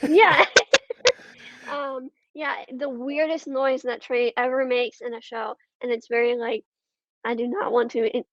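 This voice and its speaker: High-pitched woman guest, lots of ums, hesitant rambly chat, dry slightly muffled audio. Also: fairly even intonation, measured pace, fairly bright tone, dry recording. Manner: hesitant, full of ums and trailing thoughts. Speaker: podcast guest. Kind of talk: casual conversation.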